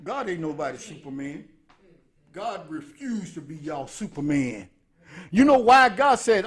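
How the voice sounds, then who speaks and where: A man preaching a storytelling sermon, animated, laughing and rising to shouts. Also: high voice, a little slow.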